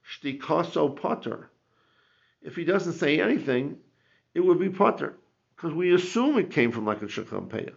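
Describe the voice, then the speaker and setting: A man's voice: mid-range voice, vocal fry. A man teaching a Talmud class, explaining with rhetorical questions and frequent restarts. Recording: muffled lo-fi classroom recording.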